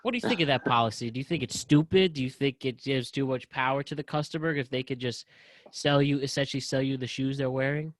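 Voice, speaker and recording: A man's voice: mid-range voice, fast, dry recording. A man hosting a casual podcast interview, talking loosely and jokingly with his guest. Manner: joking, loose, animated storyteller. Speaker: podcast host.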